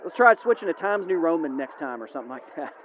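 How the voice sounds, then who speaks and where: A man with a high, sing-song voice talks fast while emceeing a comedic live Q&A. Folksy and drawling, he wrangles the crowd, heard through lo-fi, phone-like audio with a faint hiss.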